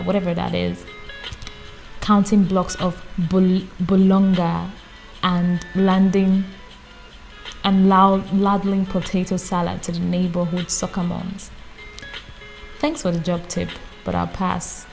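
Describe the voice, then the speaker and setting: A woman reading a book aloud in a calm, casual way, often stopping to add her own amused comments. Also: on the low side, a little slow, gravelly, soft background music, poor audio. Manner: reads calmly, breaks off for amused personal comments. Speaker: audiobook reader. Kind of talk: casual read-aloud with chatty asides.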